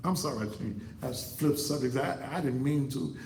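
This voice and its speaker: A man giving blunt, fiery advice in a preaching-style monologue, repeating words in bursts and swooping up high. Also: expressive, moderate pace, darkish tone, slight background noise. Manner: blunt, street-talking advice. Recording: roomy, echoey sound.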